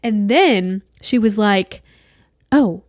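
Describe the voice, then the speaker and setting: A woman in her late twenties hosting a solo podcast, chatting in an animated way and swearing casually. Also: mid-range voice, moderate pace, no room sound, studio quality. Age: late 20s. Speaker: podcast host.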